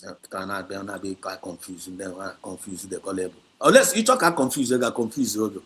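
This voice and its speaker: A man's voice: sits low, lively intonation, quick pace, hardly any pauses, a bit bright. A man with a Nigerian Igbo accent, hosting a livestream talk, preaching emphatically and scolding, with lots of repetition. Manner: switches between Igbo and English, repetitive and emphatic; exhorting and scolding. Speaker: activist livestream host.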